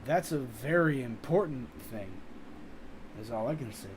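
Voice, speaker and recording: A man chatting casually on a live stream, reading viewer comments in a rambling, profane, animated way. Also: mid-range voice, a little slow, a little hiss or hum, low-quality recording. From United States.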